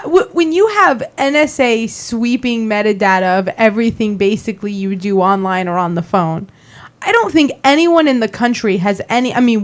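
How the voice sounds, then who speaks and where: A woman hosting a talk radio show, steering a casual political chat and teasing her co-hosts. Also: fairly high pitch. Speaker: host.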